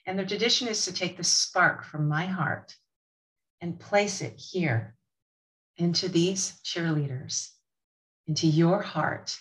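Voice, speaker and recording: A woman guest giving a heartfelt, slow and emphatic tribute to the host. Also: lowish voice, poor audio. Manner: warm, earnest, slow and emphatic. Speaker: author and guest.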